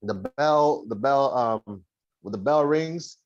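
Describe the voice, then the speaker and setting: A man's voice: medium pitch, lively intonation, slow, no echo, highs cut off. A man co-hosting a podcast in casual chat, telling stories animatedly and acting out quoted voices. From Canada. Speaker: podcast co-host.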